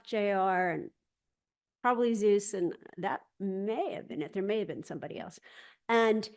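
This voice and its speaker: A woman hosting a spiritual gathering over a video call. She tells a personal story in a lively, casual way, acts out other people's lines as dialogue and often restarts her sentences. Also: fairly high pitch.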